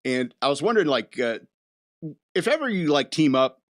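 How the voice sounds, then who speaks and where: A man's voice: a little high, very animated, moderate pace. A man hosting a casual chat show, rambling from thought to thought with chuckles in between. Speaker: podcast host.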